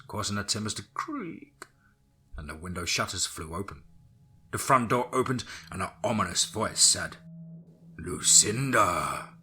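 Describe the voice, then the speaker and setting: A man narrating a dark horror story in a steady storytelling manner. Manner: steady storytelling, drops low for grim lines.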